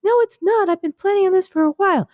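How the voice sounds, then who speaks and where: A woman voicing a high-pitched talking shoe that bickers and snaps insults. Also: darkish tone, no room sound, studio quality. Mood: shrill, angry. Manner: shrill, bickering, quick to insult. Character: sultry high-voiced talking shoe, bossy and snappish.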